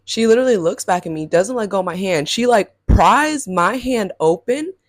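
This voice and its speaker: This Southern California storytime vlogger talks at a normal speed, chatting animatedly about her childhood with plenty of "like" and "y'all." Her voice jumps on quoted reactions, and the clean studio sound has no echo.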